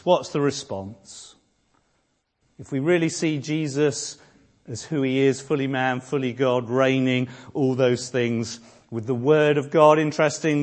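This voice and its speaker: A man preaching a sermon, moving between quiet, hushed reflection and rousing, shouted exhortation. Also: medium pitch, slightly rough. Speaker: pastor. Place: church.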